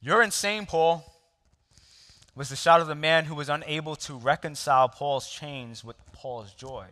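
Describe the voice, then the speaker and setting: A pastor preaches to his congregation, spinning a personal story with quick laughs and direct questions to the room. His voice is bright and forward, and it rings out with a long reverb in the hall. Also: on the high side, fairly even intonation. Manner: storytelling with laughs and audience asides. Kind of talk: sermon.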